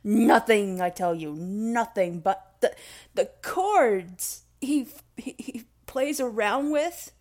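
A young woman talks slowly in a rambling, emotional vlog monologue. Her voice sits fairly high, and she mocks herself and swears freely. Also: expressive, a little mellow. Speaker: vlogger.

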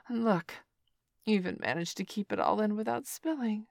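A young woman in an adult audio role-play, talking in a teasing, bossy way with sighs and soft murmurs. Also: medium pitch, moderate pace, vocal fry, no room sound, studio quality.

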